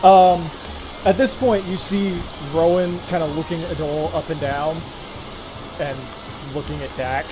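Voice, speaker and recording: A man running a tabletop game as game master, narrating and voicing characters in quick turns. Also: fairly high pitch, steady tone, background noise. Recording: music playing behind.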